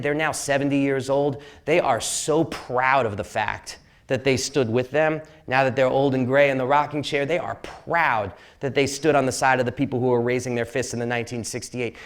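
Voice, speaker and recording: Rambling storyteller man in a lecture hall. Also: medium pitch. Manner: rambling, jokey, with many fillers and restarts. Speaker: sportswriter giving a public talk. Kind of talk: casual storytelling talk to an audience.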